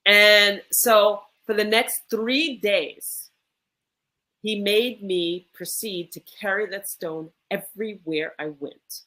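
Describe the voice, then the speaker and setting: A woman who is a medicine woman, telling an animated, emphatic story in a conversation. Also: mid-range voice, slow pace.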